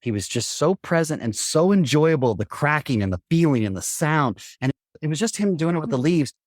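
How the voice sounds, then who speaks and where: A middle-aged man, a podcast guest, telling stories in an animated, emphatic way with blunt asides and mild swearing. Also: a little high, a little fast, no room sound, studio quality. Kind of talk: animated storytelling.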